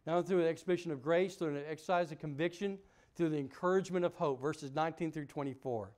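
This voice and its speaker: A man preaching a sermon as pastor, emphatic, asking the congregation questions, swinging from loud peaks to quiet drops. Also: fairly high pitch, fast. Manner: asks the congregation rhetorical questions.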